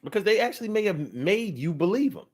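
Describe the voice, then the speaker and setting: Man with a fairly high voice, casual comic monologue, animated and slangy. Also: quick pace. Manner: animated, slangy, repetitive storytelling. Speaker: comedic commentator.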